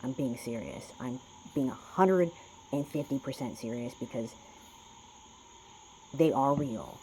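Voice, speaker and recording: A man's voice: mid-range voice, lively intonation, a little slow, darkish tone, slight background noise, poor audio. Profane, rambling spiritual vlogger man. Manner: profane, preachy, talks to himself. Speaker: spiritual vlogger doing a reading.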